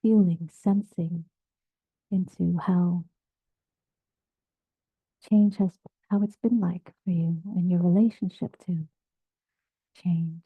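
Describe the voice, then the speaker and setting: A woman meditation teacher giving a dharma talk in a gentle, halting way, often dropping to a near-whisper. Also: on the low side, steady tone, husky, no echo. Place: meditation group session, also on video call. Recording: tinny phone-like sound.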